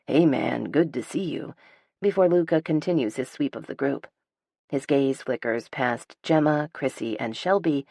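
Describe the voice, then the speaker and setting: A woman narrating a first-person romance audiobook in a low, dark voice. Her delivery is dry and sardonic, unhurried and measured. The recording is close-miked and completely dry, with no room sound. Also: dry recording.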